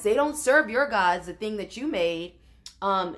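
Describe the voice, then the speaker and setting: A woman's voice: mid-range voice, animated, normal speed, fairly bright tone. A woman teaching a Bible study in an informal, conversational way, often restarting and adding asides.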